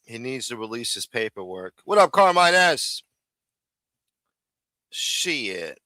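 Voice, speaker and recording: An exasperated male host who curses freely in loose live talk. His voice is bright and forceful, and his pitch jumps around a lot. The sound is dry and close. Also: sing-song, slow pace, dry recording. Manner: exasperated, cursing. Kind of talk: casual profane live chat.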